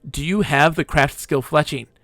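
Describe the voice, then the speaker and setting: A man's voice: fairly high pitch, steady tone, moderate pace, fairly bright tone, dry recording. A man streaming a game live, chatting with viewers and talking to himself as he plays. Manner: chatty, talks to viewers and himself while playing. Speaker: gaming streamer. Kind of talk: live-streamed gameplay chat.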